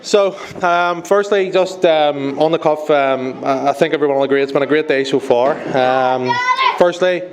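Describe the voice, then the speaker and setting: A man's voice: on the high side, normal speed, few pauses, noisy background. A young man giving a best man speech, apologetic and joking, laughing along with the guests. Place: wedding reception hall. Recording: crowded reception hall with loud chatter and laughter. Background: laughing, chattering guests.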